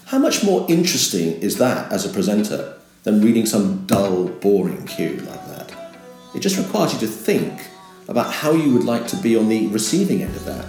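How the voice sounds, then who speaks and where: An older man talks through his years as a radio presenter. His voice sits very low but swings widely, and he bursts into a bright, upbeat presenter voice to make a point. The room around him is noticeably echoey. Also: normal speed, faint music behind. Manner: animated, jumps to a bright upbeat presenter voice when demonstrating. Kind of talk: reflective interview.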